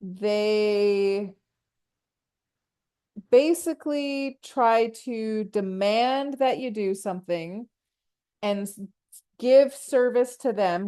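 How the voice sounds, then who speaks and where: A woman's voice: medium pitch, a little mellow. Woman, podcast host, casual solo talk, rambling, laughs a lot, acts out quotes.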